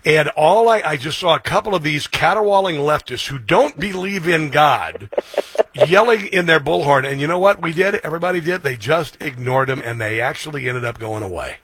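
A man hosting a radio talk show, chatty and quick to laugh between short interjections. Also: on the high side, expressive, fairly bright tone, slightly rough, no echo. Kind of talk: casual political chat.

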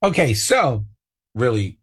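A man's voice: mid-range voice, big pitch swings, takes it slowly, husky. A man co-hosting a radio talk show, chatting casually and cracking jokes. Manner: joking interjections.

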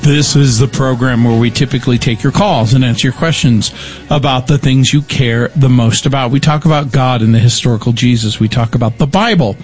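A man's voice: mid-range voice, brisk, soft background music. Chatty male radio call-in host. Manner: warm welcoming, loose with fillers and restarts. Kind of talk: casual radio talk. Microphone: studio broadcast mic.

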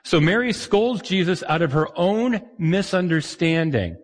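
A man preaching a sermon as pastor, conversational and animated, sometimes acting out the voices of the people he quotes. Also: high-pitched, a little slow. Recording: long hall reverb.

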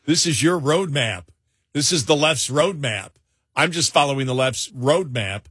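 A man co-hosting a talk radio show, giving opinionated commentary with chuckles and quick repeated asides. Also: medium pitch, animated, fairly bright tone, slightly rough, no echo, studio quality. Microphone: studio mic.

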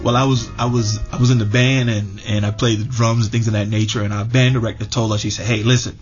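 A man's voice: on the low side, level tone, quick pace. Middle-aged man, personal storytelling, conversational, repeats words, dull lo-fi sound. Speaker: interviewee. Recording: dull lo-fi radio audio with music behind.

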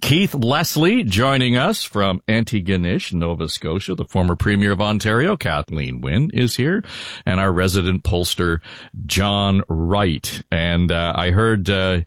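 A man's voice: deep voice, expressive, unhurried, no echo, clean studio sound. An older man hosting a politics podcast in a rambling, casual way with lots of fillers. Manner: rambling, with many fillers and restarts. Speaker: podcast host. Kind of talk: casual panel chat.

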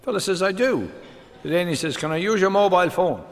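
A man's voice: high voice, racing, heavy background noise. Older man telling jokes in a hall. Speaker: comedian. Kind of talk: stand-up joke telling.

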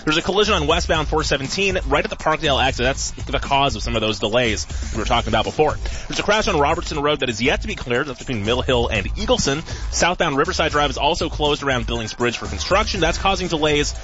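A man reading the traffic and weather report on the radio in a brisk, quick delivery. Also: on the high side, lively intonation, a bit bright. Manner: brisk, rapid reading of road updates. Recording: dull lo-fi radio audio with faint music.

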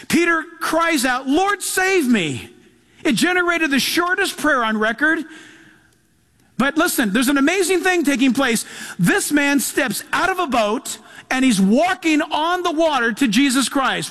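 A man's voice: very high-pitched, fairly bright tone. A man preaching a sermon as pastor, reading scripture aloud and driving his points home with emphasis. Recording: long hall reverb.

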